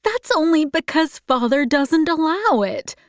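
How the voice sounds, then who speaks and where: A shy young woman, voiced by a female reader speaks slowly and earnestly in a soft, close, dry sound. Her lines sit a little above the reader's own voice and sometimes sink toward a whisper, in a storybook reading. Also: high voice, very animated, no echo, voice pushed up.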